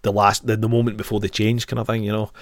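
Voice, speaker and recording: A man's voice: on the low side, level tone, fast talker, dry recording, clean studio sound. A Scottish man co-hosting a podcast in casual chat, rambling through his thoughts with restarts and casual swearing. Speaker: podcast co-host.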